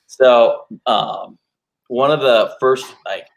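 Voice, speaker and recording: A man's voice: mid-range voice, slow, gravelly, muffled recording. A man guest on a talk show, chatting casually and jumping into bits and voices. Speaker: guest impressionist and actor.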